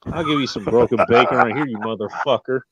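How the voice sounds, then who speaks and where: A man's voice: medium pitch, quick pace, slightly rough, dry recording, rough recording. A man hosting a casual livestream, swearing freely and laughing often. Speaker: host.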